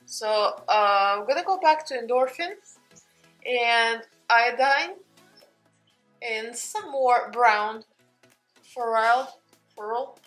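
A woman's voice: a little high, expressive, slow, a bit bright, faint music behind. A young adult woman with a Russian accent, chatting casually through a makeup tutorial and talking to her cat along the way. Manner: chatty, talks to her cat between steps. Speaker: beauty vlogger.

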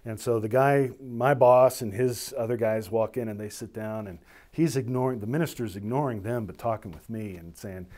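A man in middle age with a somewhat low voice tells a story from his service. He speaks with animation and briefly takes on the voices of the people in it. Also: moderate pace. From United States. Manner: animated storytelling, voicing others in dialogue. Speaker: military officer. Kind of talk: recounting a personal story.

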